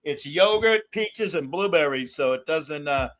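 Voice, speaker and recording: A man's voice: on the high side, lively intonation, a little slow, fairly bright tone. An older man hosting a casual stream chat over a video call, rambling through stories and laughing at his own jokes. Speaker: stream host.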